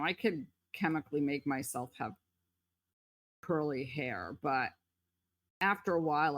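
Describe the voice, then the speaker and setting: A deep-voiced woman co-hosts a podcast in a casual, reflective chat, recorded dry. She speaks thoughtfully, hedging her points with frequent "like" and "kind of."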